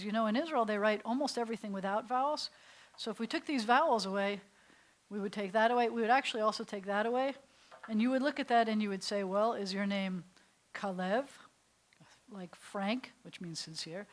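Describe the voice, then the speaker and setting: An American woman rabbi leads a beginners' class, patiently sounding out each letter and syllable. Her voice sits at an ordinary pitch. She slips in light, joking asides between explanations. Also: low-quality recording. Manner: playful asides. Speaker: rabbi teaching beginning Hebrew. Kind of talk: classroom lesson. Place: synagogue classroom.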